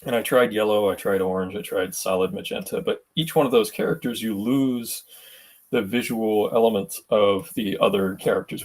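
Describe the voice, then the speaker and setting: A man hosting his drawing livestream, talking casually in a halting way with many pauses while feeling unwell. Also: on the low side, a little mellow.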